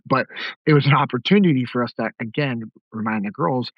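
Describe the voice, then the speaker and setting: A man's voice: mid-range voice, brisk, no echo, muffled recording. A middle-aged man hosting a podcast, telling stories in a direct, conversational way. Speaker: podcast host. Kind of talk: casual podcast talk.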